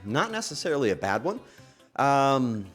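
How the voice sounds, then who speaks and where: Male streamer, very animated pitch, halting emotional chat, sudden excited bursts, faint music behind. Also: slightly rough. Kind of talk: casual livestream chat to viewers. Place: home streaming setup.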